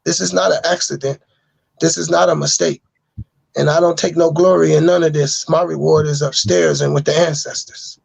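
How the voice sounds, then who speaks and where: A man's voice: fairly high pitch, creaky, a little mellow, husky, dry recording. A man speaking as a podcast guest, delivering an earnest, sermon-like message that keeps returning to the same phrases. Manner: insistent, repeating phrases like a sermon. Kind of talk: earnest preaching monologue.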